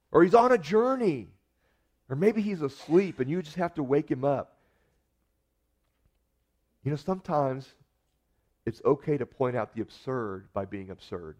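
A man's voice: medium pitch, darkish tone. A pastor preaching a sermon in a conversational way, with wry humor as he retells scripture.

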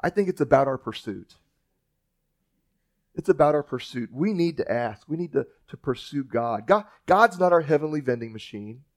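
Folksy preacher man with a higher voice. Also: animated, moderate pace. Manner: folksy storytelling preacher with restarts. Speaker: pastor. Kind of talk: sermon.

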